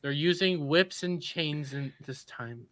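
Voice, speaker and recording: A man hosting a podcast in casual chat, joking and rambling through quick asides. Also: a little high, fairly bright tone. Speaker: podcast host.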